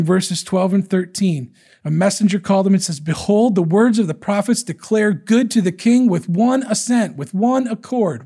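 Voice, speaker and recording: A man's voice: high-pitched, breathy edge. A man preaching a sermon, walking through a scripture passage and acting out the characters' lines in changing voices. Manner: animated, acts out quotes from scripture in different voices.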